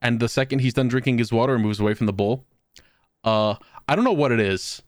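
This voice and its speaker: A man's voice: mid-range voice, quick pace, no room sound, clean studio sound. A young man chatting casually, telling rambling, profane stories with bursts of laughter. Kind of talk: casual chat.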